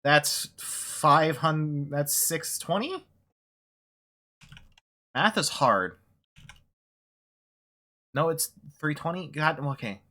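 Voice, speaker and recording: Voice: medium pitch, animated, drawn-out words, long pauses, sharp tone. A streamer chatting casually during a video game stream, rambling and swearing, often laughing. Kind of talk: casual gaming stream chat.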